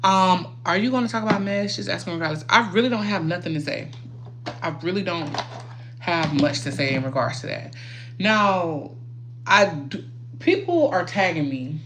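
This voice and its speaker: Woman livestreamer, low-pitched, loose and profane, faint background hiss. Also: animated, normal speed. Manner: chatty, rambling, swears freely, talks to viewers. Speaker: livestream host. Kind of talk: casual livestream chat while doing makeup.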